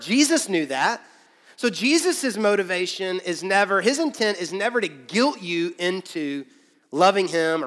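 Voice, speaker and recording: A man preaching a relaxed, conversational sermon, slipping into quoted voices to make his point. His voice sits high, and it rings out through a large, reverberant hall. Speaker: pastor.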